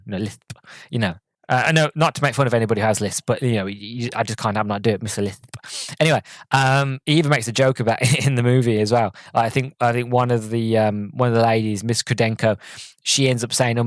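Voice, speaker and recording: A man's voice: medium pitch, dry recording. A podcast host in his twenties reviewing a film in a casual solo talk, rambling and enthusiastic with lots of fillers. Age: 20s.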